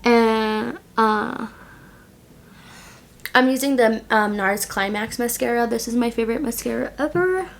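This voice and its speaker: A woman's voice: fairly high pitch, measured pace, vocal fry. A young woman with a slightly raised voice chatting to her viewers as she does her makeup. She rambles and leans on "like", and acts out what people said to her as she retells the story. It sounds like an easy, personal get-ready-with-me vlog. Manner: chatty, heavy use of "like", animated retelling. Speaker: vlogger.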